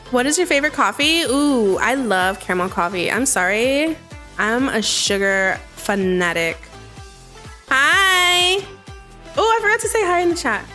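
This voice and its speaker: A woman streaming a game live, chatting with viewers in a bubbly, excitable way and breaking into sudden squeals. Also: high voice. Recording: faint game music behind.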